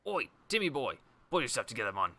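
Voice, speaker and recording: A man voicing a cheeky small male fairy sidekick from a game, loud and full of slang. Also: mid-range voice, very animated, quick pace, a little hiss or hum, voice pushed up. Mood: concerned. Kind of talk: reading game dialogue aloud in character.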